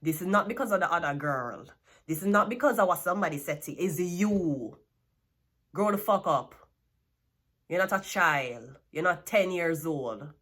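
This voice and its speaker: A woman's voice: lowish voice, lively intonation, normal speed, a bit bright. A Jamaican woman giving a tarot reading, blunt and scolding, with plenty of swearing. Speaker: tarot card reader.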